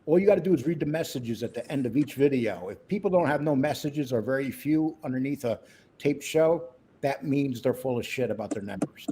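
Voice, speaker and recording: A man's voice: medium pitch, lively intonation, a little fast, mellow, slight background noise. A man co-hosting a casual livestream chat, crude and rambling, joking with his partner. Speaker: co-host.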